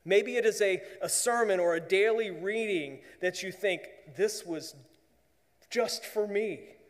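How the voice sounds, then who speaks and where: A man preaching a sermon as pastor, earnest, often dropping to a hushed voice for emphasis. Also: high voice, a little slow, long reverb tail.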